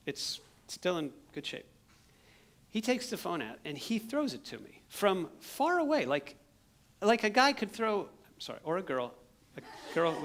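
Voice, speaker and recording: A man, a missionary, telling an animated story from a church stage and acting out his own shouts. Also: fairly high pitch, gravelly. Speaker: missionary speaker. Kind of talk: sermon storytelling. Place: church sanctuary.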